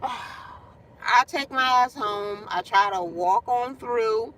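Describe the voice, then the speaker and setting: A woman's voice: on the high side, takes it slowly, a bit bright, slight background noise. A woman telling a heated, profane story in a venting vlog, recorded on a phone in her parked car. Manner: blunt, profane, heated retelling. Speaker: vlogger.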